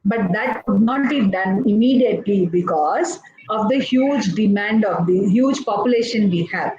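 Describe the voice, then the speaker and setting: A woman's voice: medium pitch, normal speed, a little mellow. Indian woman doctor in an echoey room. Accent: Indian English. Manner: explains step by step, with many uh's and restarts. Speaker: pediatrician. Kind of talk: explanatory talk in a live chat. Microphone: live online session. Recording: echoey, dull lo-fi sound with faint noise.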